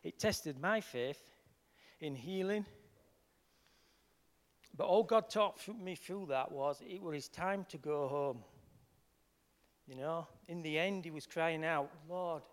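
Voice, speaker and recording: A man with a Yorkshire accent, a healing minister giving an earnest personal testimony, shifting between soft and emphatic. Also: on the high side, measured pace, pauses often, in a large hall.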